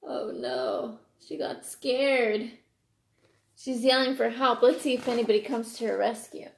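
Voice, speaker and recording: A woman reading a picture book aloud to children, expressive and stopping to ask her listeners questions. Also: a little high, unhurried, creaky, echoey room. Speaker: reader to children.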